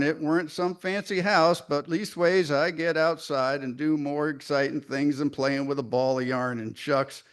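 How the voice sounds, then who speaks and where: Proud scrappy barn cat with a folksy country drawl, as a man puts it on; mid-pitched, boastful poem reading. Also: natural voice. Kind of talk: dramatic poetry reading.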